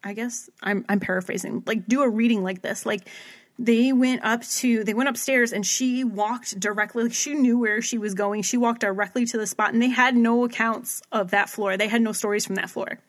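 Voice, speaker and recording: A woman's voice: fairly high pitch, fairly even intonation, moderate pace. A woman talking casually with a friend, winding through a long story. She fills it with "like" and restarts, and she acts out quotes in her own voice. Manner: rambling storyteller, heavy use of "like", acts out quotes. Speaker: podcast co-host recapping a paranormal TV episode. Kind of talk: casual chat.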